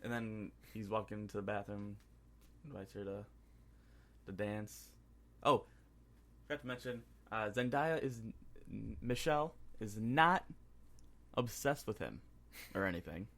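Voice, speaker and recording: A man co-hosting a casual movie review podcast, excitedly recapping scenes and slipping into quick impressions of the characters. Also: on the low side. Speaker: podcast co-host.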